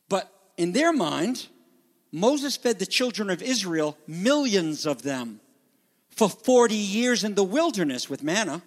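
A man preaching a sermon as pastor, emphatic and ad-libbing with drawn-out stresses. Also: high voice, a bit bright, long reverb tail.

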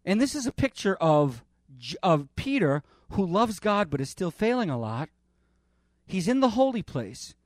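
A male pastor preaching a sermon with passion, swinging between loud declarations and quiet asides, often restarting phrases. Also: sits high, sing-song, moderate pace, dry recording, studio quality. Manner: impassioned, with dramatic rises and drops in volume; repeats himself and restarts while preaching.

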